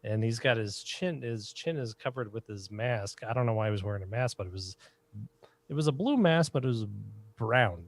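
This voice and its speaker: A man's voice: mid-range voice, normal speed. Man telling a rowdy story. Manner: animated, acts out quotes in raised voices. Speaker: podcast co-host. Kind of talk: casual storytelling banter. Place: home recording, remote podcast.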